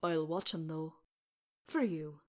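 A woman's voice: deep voice, takes it slowly, a little mellow. A woman voicing a kindly, stubborn old deaf male dwarf healer with homely, folksy speech.

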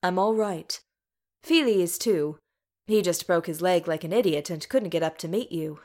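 A woman's voice: on the low side, normal speed, darkish tone, natural voice. Woman voicing a cheerful young dwarf son. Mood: reassuring.

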